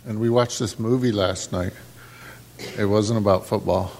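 A man's voice: lowish voice, fairly even intonation, moderate pace, gravelly, a little mellow, long reverb tail. A man preaching informally in church, telling a story in a casual way with many fillers.

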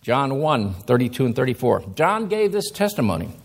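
A man preaching a sermon, reading scripture slowly and then explaining it with emphatic rises in his voice. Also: medium pitch, big pitch swings.

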